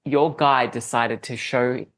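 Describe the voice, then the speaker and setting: Podcast host, casual interview, gravelly voice, mid pitch, affirming. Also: fairly even intonation, slow, a bit bright. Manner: affirming, laughs along.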